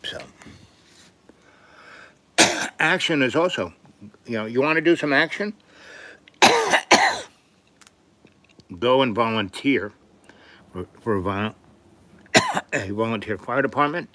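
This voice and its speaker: An older man from New York City hosting a live stream, telling rambling stories and often clearing his throat. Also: mid-range voice, lively intonation, takes it slowly, pauses often, pushed and bright. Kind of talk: rambling storytelling.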